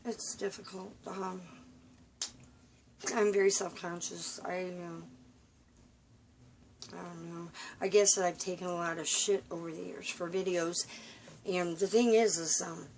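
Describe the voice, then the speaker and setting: Woman with a lowish voice, tired and halting, confiding at home with lots of fillers. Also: steady tone, a little mellow, slight background noise. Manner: halting, full of fillers and restarts; weary, confiding. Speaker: vlogger. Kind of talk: rambling personal vlog. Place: room at home.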